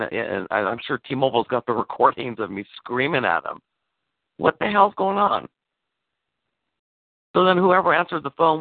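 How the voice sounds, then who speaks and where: Gravelly man on a tinny phone line. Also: mid-range voice, dry recording. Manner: animated storytelling, swearing, acting out quoted lines. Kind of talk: casual phone chat.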